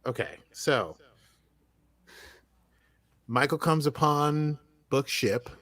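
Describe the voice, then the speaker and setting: A man's voice: mid-range voice, animated, extremely slow, a bit bright, no echo. An American man co-hosting a podcast, chatting casually and rambling through an episode recap with lots of fillers and restarts. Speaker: podcast co-host.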